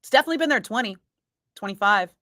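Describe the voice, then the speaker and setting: A woman's voice: fairly high pitch, expressive, rapid-fire, pushed and bright, no echo, clean studio sound. A woman radio host from Northern California chatting casually with her live chat, laughing often, swearing freely and rambling through asides. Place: radio studio.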